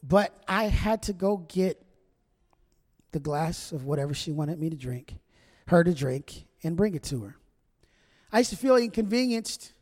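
High-voiced joking preacher in a reverberant hall. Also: male voice, darkish tone. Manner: joking, chatty, addresses the congregation directly. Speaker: pastor. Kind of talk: humorous sermon. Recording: long reverb of a large hall.

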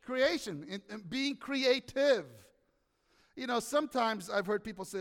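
A male pastor preaching a sermon in a church, animated, often asking the congregation questions. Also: high voice, normal speed, gravelly, long reverb tail.

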